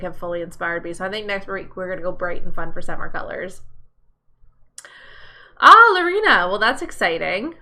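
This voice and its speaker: Hosting a live nail tutorial stream, a woman chats upbeat and greets viewers by name. Her mid-range voice is bright with a forceful tone.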